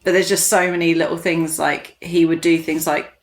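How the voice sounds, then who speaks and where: A woman's voice: on the low side, little pitch movement, moderate pace. A woman guest chatting casually on a podcast as an enthusiastic film fan.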